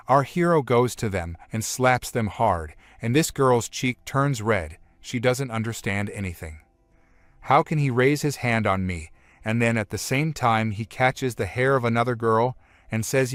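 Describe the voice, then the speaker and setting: A man's voice: mid-range voice, unhurried, no room sound, faint music behind. A man steadily retelling a comic story as a scripted recap narrator, in plain, simple phrasing.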